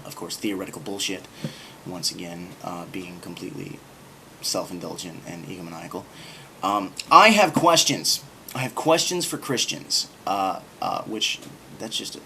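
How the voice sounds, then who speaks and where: A man with a slightly low voice rambles to camera in a sarcastic, self-mocking way, stumbling through ums and uhs. A faint hum sits under the recording. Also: a bit bright. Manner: rambling, sarcastic, full of filler words. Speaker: video blogger. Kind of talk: casual monologue to camera.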